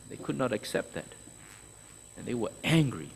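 Gravelly preacher with a lively, rising voice. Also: male voice, mid-range voice, moderate pace, low-quality recording. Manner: emphatic, asks and answers his own questions. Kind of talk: expository sermon.

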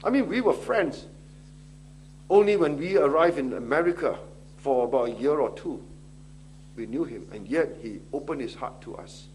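A man's voice: mid-range voice, animated, normal speed, pauses often, a little mellow, slight background noise. A middle-aged man preaching a sermon, pressing his listeners with pleading questions. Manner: impassioned, rising to pleading questions.

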